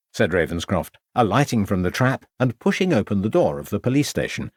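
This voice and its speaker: A man reads a crime novel aloud in a measured storytelling way. His voice is low but moves a lot, and the recording is close and dry. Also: very animated, no echo. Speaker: audiobook narrator. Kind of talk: scripted narration.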